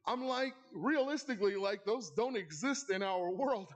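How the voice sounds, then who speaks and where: Guy hosting an awards night, pretty high voice, spinning a funny story with cheeky asides to the crowd. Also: animated, moderate pace. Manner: playful, with wry asides to the audience. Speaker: awards ceremony host. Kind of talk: comedic storytelling monologue. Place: live event in a club hall.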